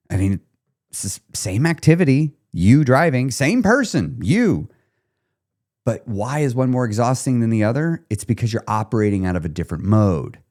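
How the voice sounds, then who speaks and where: A man hosting a podcast in a casual, animated monologue who acts out little scenes in a playful way. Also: lowish voice. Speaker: podcast host.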